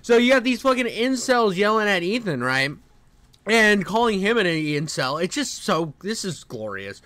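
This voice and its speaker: A man's voice: high-pitched, sing-song, moderate pace, fairly bright tone, no room sound. A man reacting to videos with profane, mocking rants as a streamer. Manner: ranting, crude, mocking.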